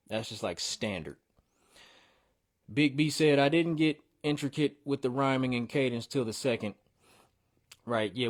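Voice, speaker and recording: A man hosting a casual show, bluntly critiquing viewers' rap verses with slang and swearing. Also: mid-range voice.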